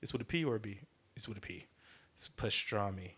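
A man hosting his own podcast, chatting casually and rambling with hesitations and quick impressions of other comedians. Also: on the low side, lively intonation, breathy edge.

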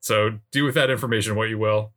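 A man's voice: on the low side, steady tone, fast, a bit bright. A man hosting a podcast in casual chat, musing and hesitant. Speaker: podcast host.

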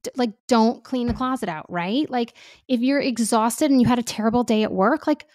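A woman speaking as a parenting expert guest in casual podcast talk, animated and chatty with lots of fillers. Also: a little high, moderate pace, dry recording, clean studio sound.

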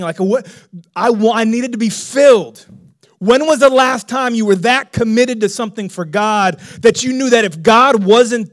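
A middle-aged man preaches in a high, bright voice. He tells his story with animated energy and breaks into loud, excited exclamations. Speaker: pastor. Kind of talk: sermon storytelling.

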